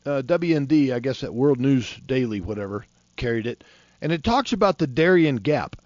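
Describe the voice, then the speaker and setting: A man's voice: medium pitch, expressive, normal speed, darkish tone, dry recording. A man in his fifties from Florida, preaching a fiery sermon in a folksy, impassioned way, in a dull, dry lo-fi recording. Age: 50s.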